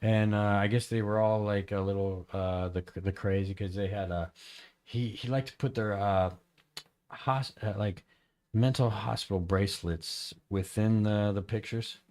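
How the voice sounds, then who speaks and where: A man on a podcast telling a story in casual chat, rambling and halting with many fillers and restarts. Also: on the low side, steady tone, a little mellow. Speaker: podcast host.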